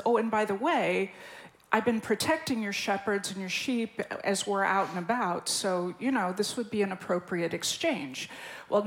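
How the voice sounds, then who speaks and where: A woman retells a Bible story in an even, unhurried way, adding small asides. She speaks plainly in a relaxed church discussion. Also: mid-range voice, rough recording.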